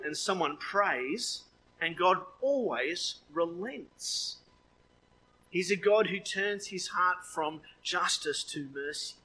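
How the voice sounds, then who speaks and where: A man preaching a sermon, lively with joking asides, his voice leaping up when he quotes. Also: on the high side, a little hiss or hum, poor audio.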